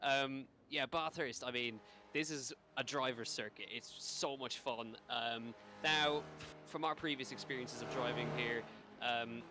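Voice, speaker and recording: Chatty male co-commentator over loud engines. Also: medium pitch, a little slow. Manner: relaxed, chatty, many fillers. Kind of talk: live sim racing commentary. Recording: loud engine noise behind the voice. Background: loud race car engine noise.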